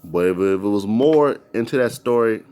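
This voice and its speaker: A man recounts a story in a loose, rambling way. His pitch moves around a lot as he repeats and restarts his phrases, keeping it casual and animated. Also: normal speed, clear, resonant tone. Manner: rambling, repetitive, animated retelling.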